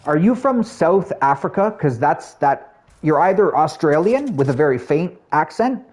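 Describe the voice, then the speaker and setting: A man's voice: on the high side, very animated, moderate pace, a little mellow, breathy edge. A man from Canada with a Canadian accent, chatting casually with his viewers while he plays a game, friendly and full of fillers. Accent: Canadian English. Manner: chatty, addresses chat and viewers by name, friendly filler-heavy talk. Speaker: streamer. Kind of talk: casual live-stream chat while gaming.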